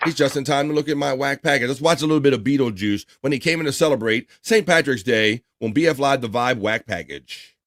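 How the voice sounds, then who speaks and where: A man's voice: medium pitch, fairly quick, fairly bright tone, no room sound, clean studio sound. A man hosting a casual talk stream, chatting loosely and laughing often as he plays old clips. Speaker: host.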